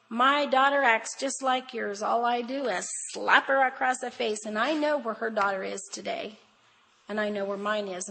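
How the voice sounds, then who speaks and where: An older woman with a slightly high voice gives a conversational, sermon-like talk to a room of women. She speaks directly to her listeners, emphatic and homespun, weaving in stories about her own family. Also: fairly bright tone, slight background noise, low-quality recording. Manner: chatty and emphatic, addressing the audience directly; homespun storytelling with family anecdotes. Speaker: guest speaker at a women's conference.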